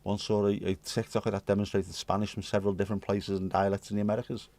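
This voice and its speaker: Deep-voiced British man rambling to chat. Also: little pitch movement, fast talker, darkish tone. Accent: British English. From United Kingdom. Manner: rambling, cheeky, swearing jokes, reads and answers chat. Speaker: livestream host. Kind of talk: casual chat to live chat readers.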